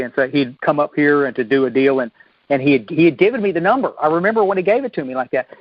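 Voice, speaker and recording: A man's voice: medium pitch, no echo. A middle-aged man from Texas tells his recovery story in a rambling way, with many restarts and stammers. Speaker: speaker sharing a recovery story. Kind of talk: personal testimony talk. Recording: dull lo-fi dry recording.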